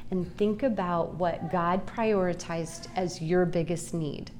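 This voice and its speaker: Slow, earnest woman giving a Bible talk. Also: fairly low pitch, fairly even intonation, a little mellow, slight background noise. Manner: earnest, confessional, slow and deliberate. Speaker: speaker at a Christian women's gathering. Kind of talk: personal Bible teaching talk.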